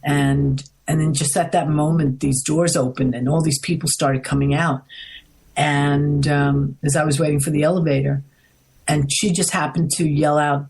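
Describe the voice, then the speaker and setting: A low-voiced woman with a New York accent tells her story as an interview guest. Her voice is husky and a little breathy. She jumps higher in pitch whenever she acts out what someone said. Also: normal speed. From United States. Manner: chatty, acts out quoted lines with lively pitch jumps.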